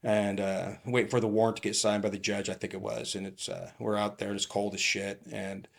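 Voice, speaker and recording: A middle-aged man from California, a retired police captain, telling animated stories as a podcast guest and laughing often. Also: fairly low pitch, brisk, gravelly. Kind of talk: casual storytelling.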